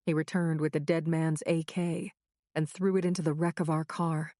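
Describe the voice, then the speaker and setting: A woman's voice: sits low, level tone, normal speed, mellow, no room sound, clean studio sound. A woman narrating a crime thriller audiobook in the first person with a tense, urgent reading.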